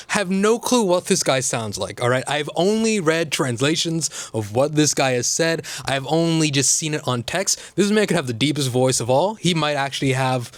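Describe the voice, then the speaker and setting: A man's voice: on the high side, dry recording. A man hosting a casual comedic commentary, sarcastic and full of rambling asides. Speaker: host.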